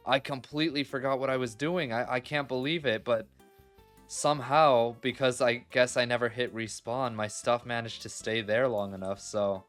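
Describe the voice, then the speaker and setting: Smooth-voiced man narrating his gameplay. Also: medium pitch, steady tone, normal speed, fairly bright tone, soft background music. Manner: chatty, exclaims and laughs readily, talks straight to viewers. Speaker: gaming video creator. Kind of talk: casual let's-play commentary.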